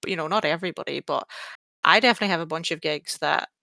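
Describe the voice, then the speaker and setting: A woman's voice: low-pitched, racing, gravelly, pushed and bright, no echo. A woman in her early thirties hosting a casual podcast chat, chatty and self-mocking, rambling with fillers. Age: early 30s. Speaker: podcast host.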